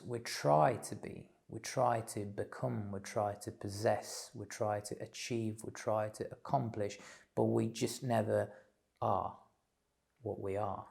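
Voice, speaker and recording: A man giving a slow, thoughtful spiritual talk, pausing often with fillers. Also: mid-range voice, vocal fry, a little mellow. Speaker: spiritual teacher. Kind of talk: reflective solo talk.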